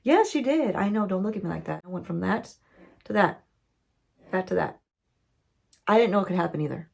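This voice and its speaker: A woman beauty vlogger telling a playful, chatty story-time recap with lots of asides to her viewers. Her mid-pitched voice carries a gravelly fry. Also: expressive, a little fast, a little mellow. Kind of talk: story-time recap while doing makeup.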